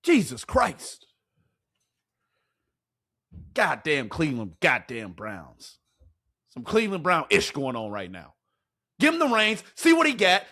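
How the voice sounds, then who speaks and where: Brief: man, heated fan-commentary host, expressive high voice, profane rhetorical ranting. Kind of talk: fan reaction rant.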